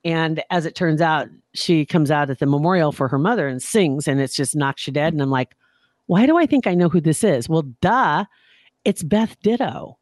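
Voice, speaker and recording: A woman's voice: low voice, expressive, moderate pace, darkish tone, dry recording. A woman co-hosting a talk show in casual chat, chatty and self-deprecating, often restarting her sentences. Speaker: podcast co-host.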